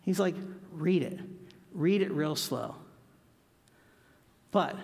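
Animated pastor preaching in a reverberant hall. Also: male voice, on the high side, takes it slowly, gravelly, long pauses. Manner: animated storytelling, acts out anecdotes. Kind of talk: sermon.

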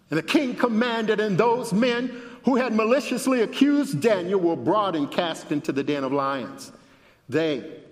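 Man, preacher, high voice, dramatic scripture reading, long hall echo. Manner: dramatic reading, rising in pitch at climaxes.

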